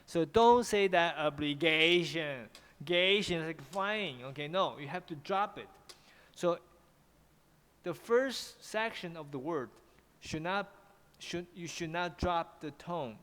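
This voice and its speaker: A man's voice: on the high side, animated, slow pace, big-room sound. A man with a Taiwanese accent teaching English pronunciation in an online class, often repeating himself and switching into Mandarin.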